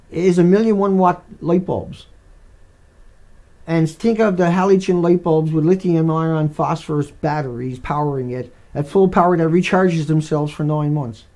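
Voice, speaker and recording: Guy with a gravelly slightly high voice rambling on his live stream, lots of restarts. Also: unhurried. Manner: animated, digressive, many restarts.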